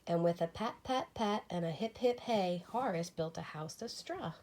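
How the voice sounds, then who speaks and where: A woman teacher reading a children's storybook aloud with lively expression. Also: lowish voice, normal speed.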